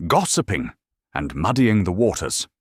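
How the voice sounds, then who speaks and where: Narrator playing a gruff inspector barking orders, brisk, commanding. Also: male voice, low voice, sing-song, no room sound, clean studio sound, full character voice. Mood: brusque. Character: brusque police inspector, male, commanding.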